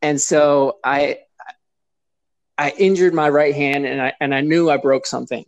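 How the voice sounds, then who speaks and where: A man, a guest on a talk show, recounting a past injury in plain, steady speech. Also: on the high side, measured pace, gravelly, no echo. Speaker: guest, former mascot performer. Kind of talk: casual interview storytelling.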